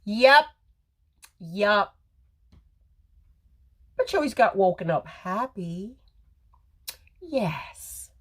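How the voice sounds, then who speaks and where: A woman's voice: medium pitch, sing-song, extremely slow, pauses often. A middle-aged woman hosting a casual live makeup tutorial, chatty and rambling as she talks to viewers on her phone camera. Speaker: makeup livestream host. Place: home or salon with ring light.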